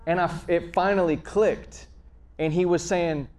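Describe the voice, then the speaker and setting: A man's voice: a little high, steady tone, unhurried. Earnest man preaching a conversational sermon. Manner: earnest, swings between emphatic and hushed; frequent fillers and restarts, storytelling.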